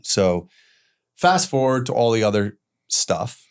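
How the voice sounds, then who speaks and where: Animated man telling his story candidly. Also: medium pitch, takes it slowly, clear, resonant tone. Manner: animated, acts out quoted voices, swears casually. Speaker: podcast guest.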